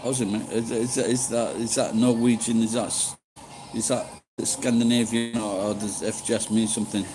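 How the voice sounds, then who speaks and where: A man's voice: on the low side, flat delivery, normal speed, hardly any pauses, a little mellow, a little hiss or hum, rough recording. A middle-aged man chatting casually with live-stream viewers, rambling and swearing freely. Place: living in Japan.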